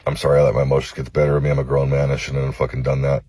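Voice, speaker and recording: Very deep husky man, halting apology. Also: little pitch movement, mellow, no echo. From Los Angeles, United States. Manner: halting, cursing, full of fillers. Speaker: vlogger. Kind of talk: emotional apology video.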